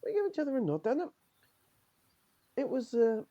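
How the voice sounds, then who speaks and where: Man doing a proud middle-aged Morris dancer for a role-play game: opinionated, rambling, lively up-and-down delivery. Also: extremely high pitch, moderate pace, muffled recording, crowd noise. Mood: recalling. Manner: opinionated, rambling, says "aye". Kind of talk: improvised character role-play.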